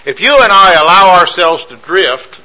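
A male preacher delivers a sermon in a bright, forceful, slightly high voice at a moderate pace, sounding expressive despite poor audio. He hammers his points home with repeated phrases and a stream of rhetorical questions.

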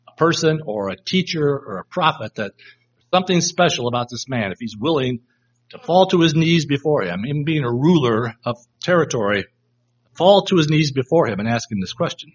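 A man with a slightly high, husky voice leads a Bible study in a room with a live class, reflective as he reads verses aloud to test different inflections. The recording is dull and lo-fi.

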